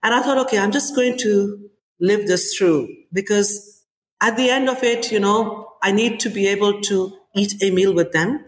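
A woman in her forties, a chef and restaurant owner, talking in an interview in an animated storytelling way with many "you know"s. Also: mid-range voice, normal speed. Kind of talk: interview conversation. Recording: echoey room with long reverb.

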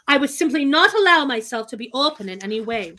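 A woman's voice: high voice, expressive, fast talker, pushed and bright. A woman co-hosting a podcast, reading a memoir aloud with playful, wry asides. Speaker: podcast co-host.

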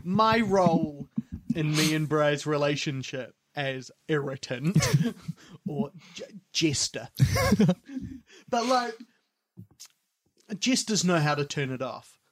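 A man's voice: fairly high pitch, lively intonation, slow pace, pauses often, no room sound. A man co-hosting a podcast in casual chat, wry and rambling, trailing off with fillers. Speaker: podcast co-host.

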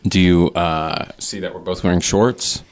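A man's voice: deep voice, fairly even intonation, a little slow. A man hosting a casual chat, asking playful, teasing questions. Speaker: host.

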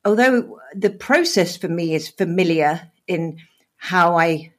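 In a slow, fairly low voice, a middle-aged woman co-hosts a podcast via video call. She opens up and speaks with feeling, staying animated and laughing frequently.

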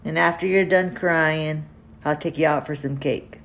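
A woman wrestler giving a recorded birthday shout-out with playful trash talk. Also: low-pitched, steady tone, measured pace, gravelly, slight background noise. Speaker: pro wrestler.

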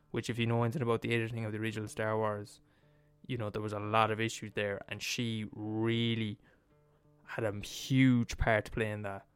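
A man telling a film story in a casual, animated monologue, swearing freely and digressing. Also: medium pitch, clear, resonant tone.

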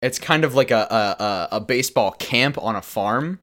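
A man riffing in casual comedic brainstorming, excitable, bursting into high-pitched acted lines. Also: normal speed.

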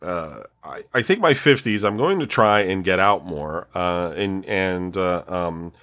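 A man in his forties chatting casually, his voice sitting a little low. He rambles frankly, swears without a second thought, and leans on plenty of fillers as he talks things through. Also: animated, unhurried, a bit bright. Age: 40s. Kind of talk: casual chat.

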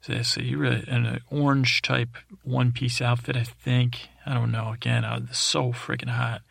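A man hosting a podcast, rambling through an improvised bedtime story in a halting way, with many fillers and restarts. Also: mid-range voice, flat delivery, vocal fry, fairly bright tone, no room sound, studio quality. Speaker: podcast host.

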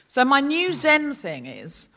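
On stage at a London concert hall before a live audience, a woman co-hosts a live comedy podcast. Her high-pitched voice takes things slowly, and her delivery is animated and theatrical, laughing as she explains.

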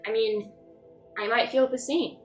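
A woman's voice: a little high, fairly even intonation, roomy sound, faint music behind, lightly acted. A woman playing an awkward, proud young man. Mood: remorseful. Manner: halting, stumbling earnest apology.

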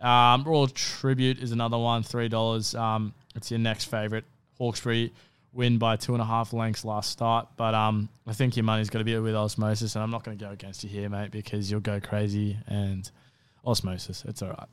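A man's voice: lowish voice, monotone, fairly quick, smooth, no room sound. A man with an Australian accent co-hosting a podcast, rambling through his horse racing picks with lots of ums and self-corrections. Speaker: podcast co-host tipping races. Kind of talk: casual racing tips chat.

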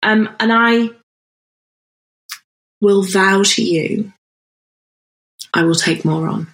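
A woman's voice: medium pitch, takes it slowly, fairly bright tone. A woman co-hosting a podcast, chatting in an easygoing, agreeable way with rambling replies. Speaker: podcast co-host. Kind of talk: casual chat. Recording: roomy echo.

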